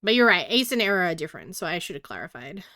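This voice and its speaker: A woman's voice: on the low side, big pitch swings, racing, bright, forceful tone, no room sound, clean studio sound. A giggly, hyper Australian woman rambling in casual live-stream chat as a streamer.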